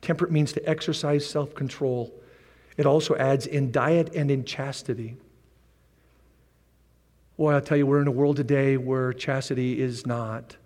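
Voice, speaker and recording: A man preaching a sermon as pastor, animated, with repeated rallying phrases and joking asides. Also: mid-range voice, normal speed, pauses often. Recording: long reverb of a large hall.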